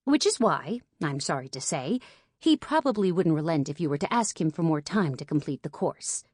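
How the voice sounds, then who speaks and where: A woman's voice: deep voice, very animated, moderate pace, a little mellow, breathy edge, dry recording, studio quality, full character voice. A woman reading an audiobook, voicing a poised woman mentor who answers briefly, politely and vaguely.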